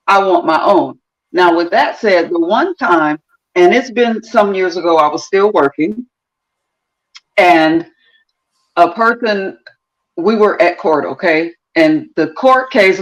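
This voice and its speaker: A middle-aged woman co-hosting a casual chat, telling a story in an animated way. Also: on the low side, poor audio.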